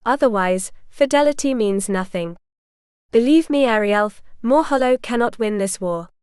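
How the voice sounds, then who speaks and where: A woman's voice: on the high side, expressive, moderate pace, darkish tone, clean tone, no room sound, clean studio sound, lightly acted. A woman voicing a stern, devoted young medieval nobleman, in a firm, reassuring way.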